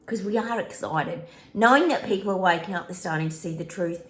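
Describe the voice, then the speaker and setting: A woman's voice: mid-range voice, brisk. Chatty woman in an echoey room. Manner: chatty, bursts into snatches of song, laughs often. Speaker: psychic channel host. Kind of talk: casual spoken predictions to viewers.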